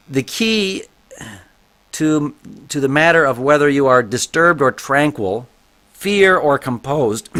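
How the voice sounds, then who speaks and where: A man's voice: mid-range voice, fairly bright tone. A man who teaches martial arts, talking casually on a motivational podcast and reading book passages aloud between his own comments.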